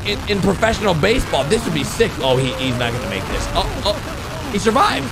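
Excitable high-voiced man reacting loudly. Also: brisk, noisy background. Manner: excitable, exclamatory, talks straight to viewers. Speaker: reaction video host. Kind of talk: casual commentary reacting to animations.

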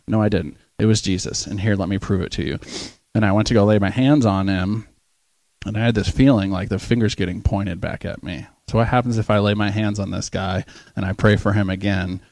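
A young man preaching in church, telling a story with lively acted-out voices and frequent laughs. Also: on the low side, normal speed, no room sound. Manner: animated, acts out voices in his story, laughs often. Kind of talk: storytelling sermon.

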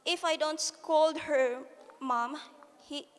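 A woman reading as a firm, gentle mother. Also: sits high, fairly even intonation, takes it slowly. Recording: long church hall reverb.

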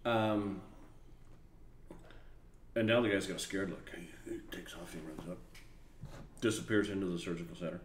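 Low-pitched guy telling a funny work story, does little voices, kinda echoey room. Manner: animated storyteller, acts out other people's voices. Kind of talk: casual storytelling to camera. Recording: echoey room with faint background noise.

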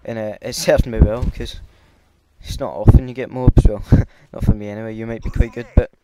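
A man's voice: lowish voice, flat delivery, a little fast. A Scottish man giving casual, hesitant commentary over his gameplay, with lots of filler ums. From Scotland. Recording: loud game gunfire behind.

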